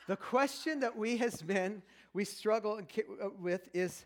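Man, fifties, high voice, chatty and self-mocking, talking to a seminar crowd. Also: a little slow. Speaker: speaker at a marriage seminar. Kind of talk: conversational talk to a live audience.

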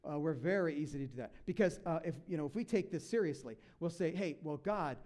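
A pastor preaching a sermon, animated, acting out quoted voices and asides to the congregation. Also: male voice, a little high, quick pace.

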